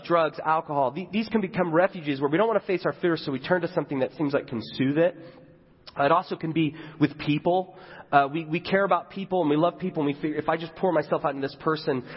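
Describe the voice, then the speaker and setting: A young man gives a sermon in a husky, slightly high voice. He tells his story candidly, with chatty asides and self-mocking humour. The sound is dull and lo-fi, with the long reverb of a big hall. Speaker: pastor.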